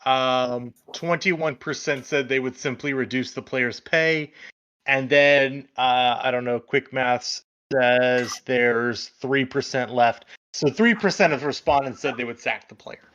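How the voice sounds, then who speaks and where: A man's voice: mid-range voice, measured pace, a bit bright, slight background noise. A man co-hosting a casual sports podcast, laughing easily as he reads poll results and steers the talk. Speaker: co-host. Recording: muffled, lo-fi mic.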